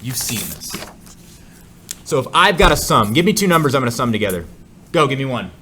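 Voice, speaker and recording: Lively joking male math teacher. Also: mid-range voice, brisk, echoey room, a little hiss or hum. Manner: joking, lively, asides to students. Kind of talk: classroom lecture. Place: classroom.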